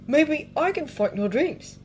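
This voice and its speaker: A woman voicing a small, eager male animal companion who speaks brightly. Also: sits high, expressive, unhurried, faint music behind, voice pushed up.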